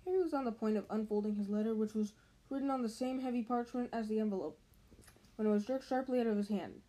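Woman, reading a book aloud, casual, self-correcting, slightly high voice. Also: fast talker, mellow, low-quality recording. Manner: casual, with slips and restarts. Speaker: reader.

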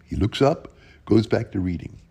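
Male storyteller, gravelly and husky, folksy delivery with lots of pitch movement. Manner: plain, unhurried folksy telling with lively rises. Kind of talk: folk tale storytelling.

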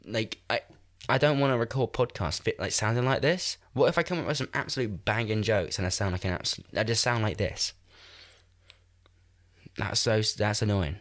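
A man's voice: lowish voice, fairly bright tone. A man, hosting a podcast in casual chat, sounding nasal and congested from a cold, rambling and laughing at himself. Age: 20s. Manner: rambling, self-deprecating, laughs often. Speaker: podcast host. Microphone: new podcast microphone.

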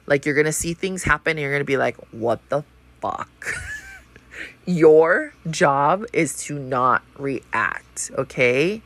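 A woman's voice: low-pitched, slow, fairly bright tone. A woman in her thirties talking in a blunt, profane and rambling way, full of fillers, in a casual monologue. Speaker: vlogger.

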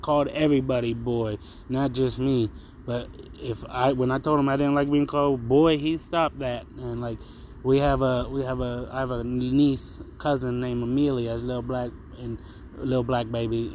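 A man's voice: mid-range voice, slight background noise, poor audio. A man hosting a podcast in a casual, comedic solo monologue, swearing freely and rambling with lots of fillers. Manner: profane, rambling, frequent fillers. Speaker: podcast host.

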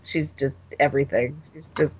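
A woman's voice: a bass voice, steady tone, normal speed, slightly rough, dry recording. A woman co-hosting a fan podcast in casual chat, enthusiastic and laughing often as she gushes about a show. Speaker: podcast co-host. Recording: muffled lo-fi audio.

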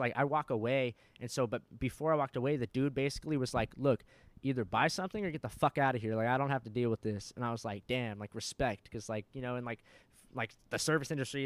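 A man's voice: medium pitch, no room sound. A young man hosting a podcast, telling a story in casual, profane chat, full of filler words. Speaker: podcast host.

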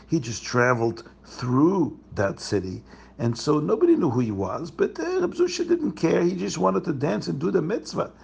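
Brief: male storyteller for kids, animated, gravelly and husky tone. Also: fairly high pitch, normal speed, dull audio. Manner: animated, asks listeners questions. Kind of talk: storytelling for children.

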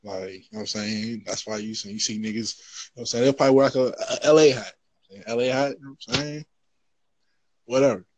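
A man's voice: medium pitch, steady tone, fast, darkish tone, rough recording. A man from Los Angeles chatting casually, rambling with lots of fillers as he explains his point. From Los Angeles area. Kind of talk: casual chat.

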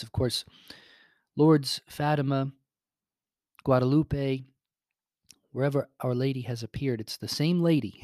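A man's voice: mid-range voice, a little mellow, dry recording, clean studio sound. A young man, a priest and school chaplain, giving a chatty spoken update full of ums and little asides.

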